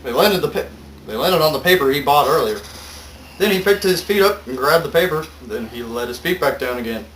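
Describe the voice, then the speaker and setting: A man's voice: fairly high pitch, expressive, brisk, a bit bright, reverberant, slight background noise, poor audio. A man reading a story aloud to friends in a playful, mock-dramatic way, cracking jokes between sentences. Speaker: story reader. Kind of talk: joking comedic reading aloud.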